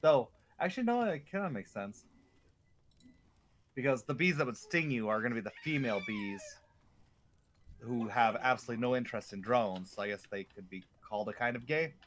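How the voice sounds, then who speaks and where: A man's voice: mid-range voice, lively intonation, a little fast, a little hiss or hum. Chatty man rambling over a game. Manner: rambling, chatty storytelling with fillers. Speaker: co-op gamer. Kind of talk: casual chat while gaming.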